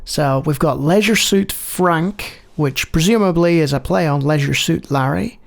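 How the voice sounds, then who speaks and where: A man's voice: a little high, unhurried, creaky. A man playing an old computer game, reading its text aloud and adding dry, wry asides in casual commentary. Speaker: game show host.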